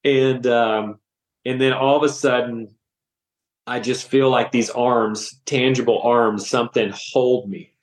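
A man in his thirties shares his personal faith testimony as a podcast guest, with a medium-pitched voice. He tells it in an animated, emotional way, full of casual slang. The recording has a roomy echo. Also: slow pace. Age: 30s.

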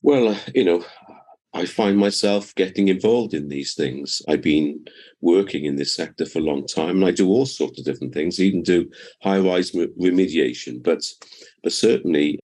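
Older man, very low voice, measured expert guest. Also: a little mellow. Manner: measured, explanatory. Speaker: professor and building surveyor. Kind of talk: interview answers.

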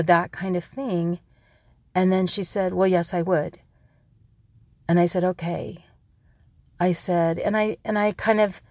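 A woman's voice: lowish voice, no room sound. A middle-aged woman telling a personal story in an earnest, reflective way, often restarting her sentences.

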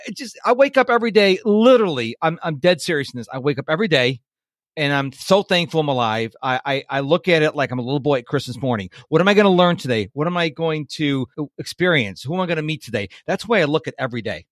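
A man's voice: fairly high pitch, animated, fast talker, dry recording, studio quality. Upbeat, enthusiastic male podcast host. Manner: upbeat, enthusiastic, laughs often. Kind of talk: conversational podcast interview.

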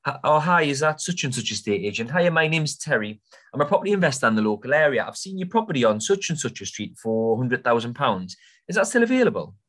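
A man's voice: medium pitch, big pitch swings, quick pace, pitched above the performer's own voice. An Englishman putting on a chirpy phone caller. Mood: upbeat. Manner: bright, enthusiastic, upbeat. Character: chirpy young male investor phoning an agent.

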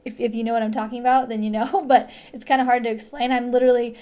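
A woman's voice: a little high, flat delivery, quick pace, warm tone. A young adult woman hosting a casual solo podcast, chatty and rambling, with frequent giggles, fillers and restarts, close on a microphone. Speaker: podcast host. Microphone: studio microphone.

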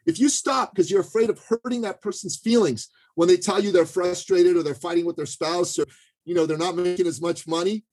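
Husky, emphatic man coaching on a podcast. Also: sits high, steady tone, brisk, darkish tone, poor audio. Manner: emphatic, pushy coaching talk with many asides and restarts. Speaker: guest, sales and marketing coach. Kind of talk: podcast interview.

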